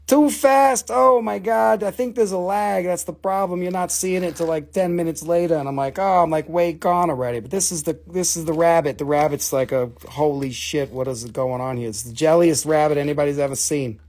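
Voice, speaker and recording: A man selling minerals on a live stream, talking casually and excitably to viewers, swearing and joking as he shows each piece. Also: on the high side, a little fast, few pauses. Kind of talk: casual live-sale patter.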